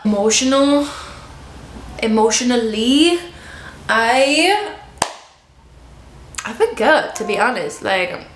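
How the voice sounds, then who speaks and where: A woman vlogging to the camera at home, chatty and expressive, laughing often. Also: a little high, echoey room, a little hiss or hum. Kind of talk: casual chat to camera. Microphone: camera in front of her.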